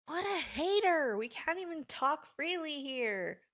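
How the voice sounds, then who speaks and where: A woman in her thirties hosting a casual live stream, talking in an animated, indignant way and saying "like" often. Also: sits high, slow, few pauses, no echo, clean studio sound. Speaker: livestream host.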